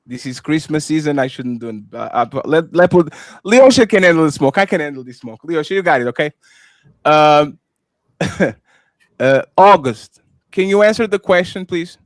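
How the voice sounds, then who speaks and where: A man's voice: a little high, normal speed, no echo. Stream host guy, playful and bouncy, dry sound. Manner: playful, lively, apologetic teasing. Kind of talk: casual live-stream talk show.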